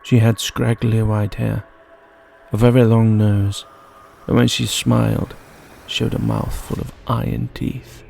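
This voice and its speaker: A man narrating a fairy tale in measured storytelling style. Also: fairly low pitch, little pitch movement, creaky, a little mellow, slight background noise.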